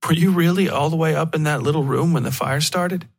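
A man's voice: fairly high pitch, a little fast, gravelly, voice pushed up. A man voicing a professional young female paramedic who speaks in a clipped, direct way in an audio horror story. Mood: concerned.

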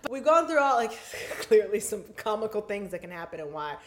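A woman's voice: medium pitch, very animated, normal speed. A woman co-hosting a casual podcast chat, bantering in a playful, teasing way. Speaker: podcast co-host.

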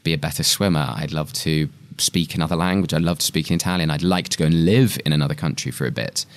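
An English actor with an English accent, chatting as a guest in an interview and telling stories animatedly with frequent laughter. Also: male voice, extremely low pitch, quick pace. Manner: animated storytelling, laughs often. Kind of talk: casual interview chat.

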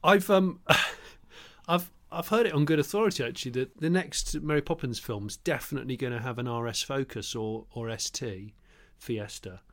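Bloke on a comedy podcast, drawn-out deadpan explaining, mid pitch. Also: male voice. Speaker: podcast co-host. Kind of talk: casual comedic chat.

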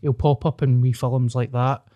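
A man's voice: medium pitch, flat delivery, normal speed, warm tone, no room sound. Laid-back sweary Scottish man. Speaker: podcast host and comedian. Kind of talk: casual chat.

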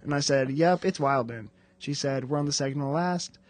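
Teasing man podcaster, higher voice. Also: normal speed, no echo. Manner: playful, teasing, reads texts aloud. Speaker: podcast co-host. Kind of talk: casual chat.

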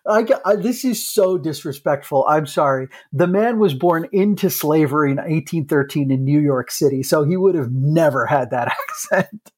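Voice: medium pitch, animated, normal speed, breathy edge. A podcast co-host in a casual chat, reacting and chiming in with an easygoing manner.

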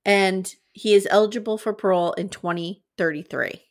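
A woman's voice: medium pitch, steady tone, moderate pace. Earnest woman recapping a documentary. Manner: earnest storytelling, recounting events step by step. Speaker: podcast co-host. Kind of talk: casual recap chat.

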